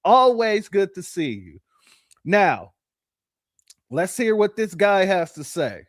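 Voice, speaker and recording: A man hosting a reaction commentary show, thanking viewers as family and breaking into preacherly shouting. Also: high-pitched, big pitch swings, slow pace. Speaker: commentary channel host. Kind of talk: reaction commentary on a protest clip.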